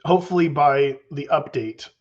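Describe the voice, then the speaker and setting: A man's voice: on the high side, moderate pace, muffled recording. A man being interviewed as a game designer in a casual live chat, rambling with restarts and casual swearing over a video call.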